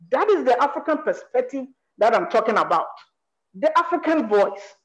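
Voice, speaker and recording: Animated Ghanaian-accented screenwriter. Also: high-pitched, rough recording. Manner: animated, emphatic, asks rhetorical questions. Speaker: screenwriter on a panel. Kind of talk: panel discussion.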